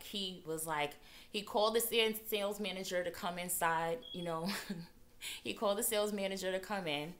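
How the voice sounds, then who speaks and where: Bright, animated woman vlogger; casual storytelling with lively acted-out quotes. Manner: animated, acts out quotes with big pitch jumps.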